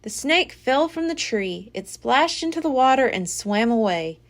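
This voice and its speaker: Expressive woman reading a children's book. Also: sits high, a little slow. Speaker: library storyteller. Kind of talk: children's book read-aloud.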